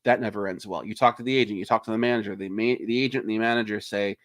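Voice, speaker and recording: Guy ranting casually about movies, swears a lot, jumps into shouty quoted bits, dry mic. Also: on the low side, racing, dry recording. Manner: ranting, profane, animated; acts out quoted lines in a raised voice. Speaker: indie filmmaker. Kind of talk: casual livestream chat.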